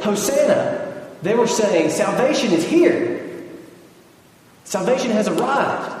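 A Southern American pastor, his voice a little high for a man and somewhat dark in tone, delivers a sermon in a loose, conversational teaching style, pausing to check that listeners are following. The mic is distant, and the big hall rings with a long, heavy echo.

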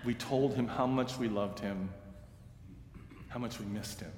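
A man's voice: medium pitch, slight background noise. Man preaching in an echoey hall. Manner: earnest, grows hushed and slow in sad parts. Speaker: pastor and seminary teacher. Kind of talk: storytelling sermon. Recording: reverberant hall with faint ambience.

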